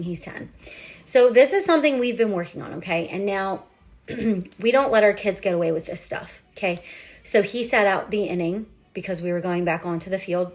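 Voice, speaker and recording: A woman's voice: mid-range voice, normal speed. Woman, 30s, parent vlogger. Chatty, candid, casual storytelling with heavy fillers. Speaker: parent of a young athlete.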